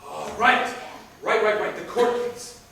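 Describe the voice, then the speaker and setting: A man in a rambling, halting casual chat, often breaking into laughter. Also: sits high, expressive, creaky, sharp tone, a little hiss or hum. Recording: echoey room from far off.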